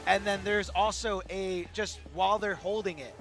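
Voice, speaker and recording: A male esports commentator with a high voice, worn and hoarse from long hours on the mic. He explains game mechanics in an eager, self-correcting way. Music plays clearly behind him at the venue. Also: fairly even intonation, moderate pace. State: hoarse, losing his voice. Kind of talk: live tournament commentary. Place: tournament venue.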